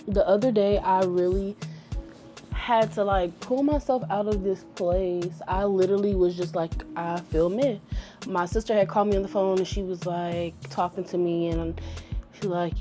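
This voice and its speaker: A woman's voice: medium pitch, normal speed, dark tone, faint music behind. A woman hosting her own channel, chatting casually to the camera in a playful, joking way with plenty of informal slang and frequent laughter. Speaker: YouTube channel host.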